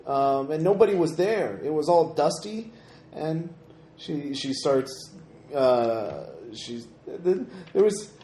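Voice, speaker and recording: A man's voice: a little high, animated, warm tone, voice pushed up. A man voicing a scared, stammering little girl. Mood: dazed, halting. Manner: halting, stammering, pleading. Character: frightened little girl trapped and lost. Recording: echoey room, faint noise.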